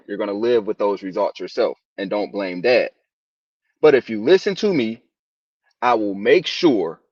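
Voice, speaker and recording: A man with a lowish voice lays down his views firmly, in the tone of a father lecturing his daughters. His audio is muffled and dry, coming over a dull remote line. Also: a little mellow, no echo. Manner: firm, lecturing, emphatic. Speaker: guest, father. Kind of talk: opening statement in a discussion.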